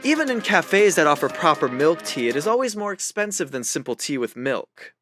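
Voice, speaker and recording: A man's voice: on the high side, big pitch swings, fairly quick, music in the background. A man voicing a prim, haughty young woman gambler from a game, reading her lines aloud in a lofty, fussy way. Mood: lecturing.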